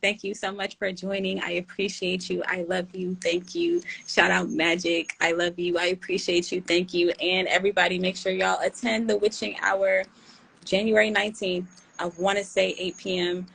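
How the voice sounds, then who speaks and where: A woman's voice: fairly low pitch, little pitch movement, moderate pace, creaky, fairly bright tone, slightly rough, poor audio. A young woman, hosting a tarot channel and talking casually and slangily to her viewers. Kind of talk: casual livestream chat.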